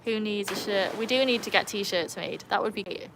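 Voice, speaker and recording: A woman's voice: mid-range voice, normal speed, noisy background. A woman with a mixed Birmingham and North Wales accent, chatting casually on a livestream and greeting viewers by name. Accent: mixed Birmingham and North Wales English. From England and North Wales. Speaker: livestream host. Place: home with a pool.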